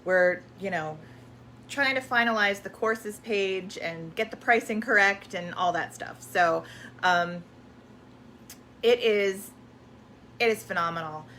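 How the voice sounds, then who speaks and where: A woman's voice: medium pitch, slow pace, pauses often, bright, forceful tone, slight background noise. A woman hosting a live question-and-answer stream, talking casually and rambling with many fillers and restarts.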